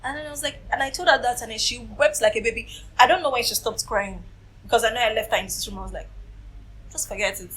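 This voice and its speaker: A woman's voice: a little high, fast talker, breathy edge, rough recording. A woman in her late twenties, recounting her own story as a TV interview guest and acting out what others said. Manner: animated storytelling, acting out quoted voices. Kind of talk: emotional personal testimony.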